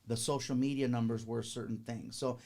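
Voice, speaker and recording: A man's voice: medium pitch, a little fast. A middle-aged Mexican-American man, a comedian guest telling stories in a casual interview and acting out quotes. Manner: animated storyteller, acts out quotes.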